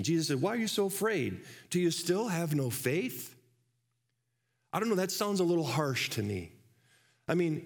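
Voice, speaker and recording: A man preaching a sermon in a church, conversational and full of rhetorical questions. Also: on the high side. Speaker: pastor.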